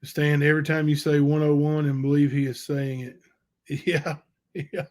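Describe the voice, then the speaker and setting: A male livestream host reading letters aloud and commenting on them, halting and unsure, with many fillers. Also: fairly high pitch, level tone, a little mellow.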